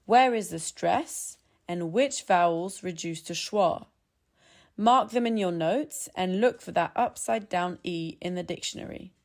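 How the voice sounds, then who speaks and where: In this scripted English pronunciation tutorial, a woman narrates in a voice on the low side. She keeps a calm, measured pace, easing off to model individual sounds.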